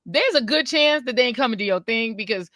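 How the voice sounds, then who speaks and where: A woman in her forties chats on a podcast with a bright, sharp tone and a lively, swinging pitch. She is tired and grumpy but tells her stories emphatically and colloquially. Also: a little fast, no room sound, clean studio sound. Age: 40s. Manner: animated storyteller, emphatic, colloquial. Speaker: podcast co-host. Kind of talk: casual chat.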